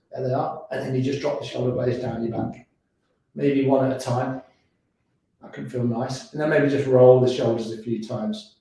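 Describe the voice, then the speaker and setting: A man leads a beginners yoga class in a mid-pitched voice. He is chatty and encouraging, with little laughs between cues. The studio around him gives a roomy echo. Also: warm tone. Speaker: yoga instructor.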